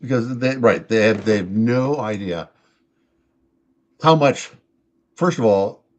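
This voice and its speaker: A man's voice: on the low side, takes it slowly, highs cut off. A man hosting a casual talk show, telling stories in a rambling way full of fillers and restarts. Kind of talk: casual chat, storytelling.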